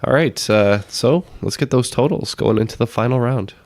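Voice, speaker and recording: A man with a raspy, hoarse voice from being sick, reading out trivia questions as the quizmaster of a podcast. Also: medium pitch, moderate pace, a little mellow.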